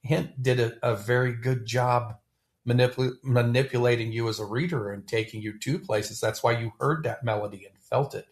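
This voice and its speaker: Man podcast host, gravelly voice, animated and stammering, casual. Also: medium pitch, moderate pace. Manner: animated, stammering restarts, chuckling. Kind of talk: casual discussion of a poem.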